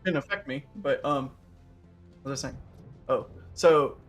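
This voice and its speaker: A man in casual chat as a stream co-host, rambling with many restarts and trailing off softly. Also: medium pitch, measured pace, soft background music. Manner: mimics characters with raised excited voice.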